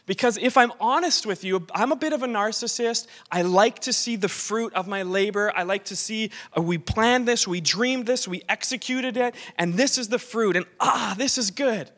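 A man's voice: sits high, moderate pace, hardly any pauses, fairly bright tone. A man preaching a conversational sermon in an informal, self-questioning way, often restarting his sentences.

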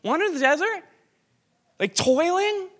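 A man's voice: very high voice, lively intonation, unhurried, voice pushed up. A man voicing an exasperated old male prophet who fires incredulous questions at God.

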